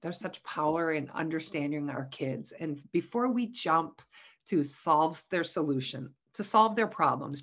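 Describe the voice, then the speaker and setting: A middle-aged woman telling stories about motherhood and faith in a casual conversation, expressive and laughing often. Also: deep voice, husky, highs cut off. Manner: expressive storyteller, animated when quoting, laughs often. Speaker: guest, Christian parenting author.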